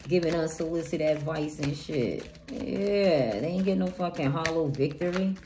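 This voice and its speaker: A woman's voice: low-pitched, normal speed. A woman giving a casual tarot reading, blunt and profane, talking in a hyped-up, emphatic way. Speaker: tarot reader. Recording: noisy home recording.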